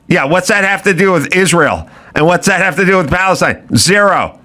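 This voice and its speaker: Sarcastic ranting man, bright voice. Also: sits high, expressive, fairly quick, hardly any pauses. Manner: sarcastic, incredulous ranting with profanity. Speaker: podcast host. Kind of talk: ranting comedic talk.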